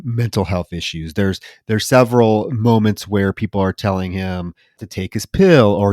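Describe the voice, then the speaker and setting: A man's voice: fairly low pitch, darkish tone, no room sound. Man co-hosting a podcast, dry close sound. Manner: halting, with frequent restarts and repeated words. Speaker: podcast co-host. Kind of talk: casual film discussion.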